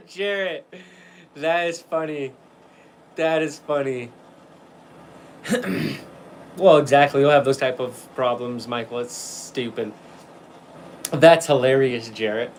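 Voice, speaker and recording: A man's voice: mid-range voice, takes it slowly, long pauses, slight background noise, poor audio. Rambling, cursing man on a livestream. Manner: rambling, profane, laughs often. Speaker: livestream host. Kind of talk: casual livestream chat.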